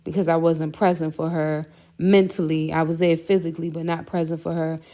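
A woman's voice: deep voice, flat delivery, brisk, warm tone. A woman sharing a candid personal faith testimony as a podcast guest, earnest and full of "you know" fillers.

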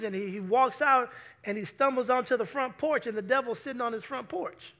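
A male pastor with a strikingly high voice gives a sermon in a church. His tone is bright and forceful. He keeps calling out questions to the congregation as he preaches. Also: a little fast.

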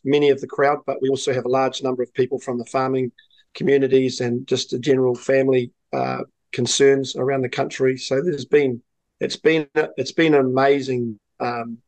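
A man's voice: medium pitch, darkish tone, no echo, poor audio. A man from New Zealand with a New Zealand accent, giving a political interview as a party leader, earnest and full of fillers and restarts.

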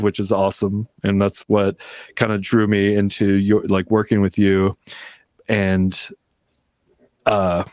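Laid-back man with a low, dry voice. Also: darkish tone, no echo. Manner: laid-back, filler-heavy talk. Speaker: podcast host. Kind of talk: casual chat.

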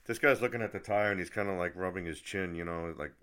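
A man vlogger telling a story in a rambling, animated rant. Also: sits low, quick pace. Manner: rambling, animated, many restarts and asides.

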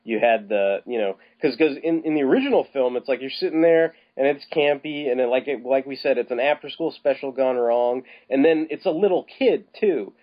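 Man, podcast co-host, casual rambling film chat, mid pitch, muffled lo-fi sound. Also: a little fast, hardly any pauses. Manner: rambling, with many restarts and casual swearing. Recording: slightly dull, lo-fi podcast audio.

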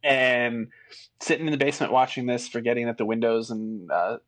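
A man's voice: mid-range voice, steady tone, brisk, a bit bright. A man co-hosting a casual movie podcast, agreeable and laid-back, telling anecdotes. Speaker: podcast co-host. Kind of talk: casual chat.

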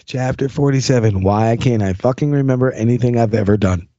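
A man with a Florida accent hosts a casual talk, blunt and profane, quick to joke at his own expense. His voice sits in a middle register and sounds dry and close. The audio is dull and lo-fi, like a remote call. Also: mid-range voice, dark tone, dry recording. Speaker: podcast host and drummer. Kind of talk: casual conversation.

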